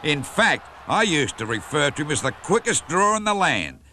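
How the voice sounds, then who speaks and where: An Australian man narrates a sports documentary with cheeky, playful lines. His voice is bright and animated, rising and falling a lot, with faint noise in the background. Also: fairly high pitch, moderate pace.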